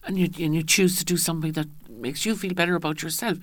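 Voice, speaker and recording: A woman's voice: sits low, steady tone, fast, dry recording. A woman, speaking as a guest in a radio interview. She talks in a chatty way, often restarts her sentences and acts out the voices she quotes.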